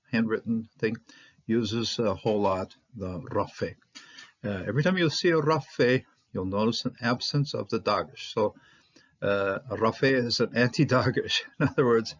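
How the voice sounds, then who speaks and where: A man teaching a Hebrew text in an informal lesson, halting with many fillers and restarts, often checking in with "okay?". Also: medium pitch, lo-fi sound.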